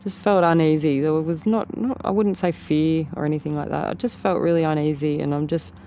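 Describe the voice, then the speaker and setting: A woman's voice: deep voice, steady tone, brisk, warm tone, slight background noise. A woman with an Australian accent, telling an interviewer a story in a rambling way and often repeating and rephrasing herself. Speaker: interview guest. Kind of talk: casual storytelling.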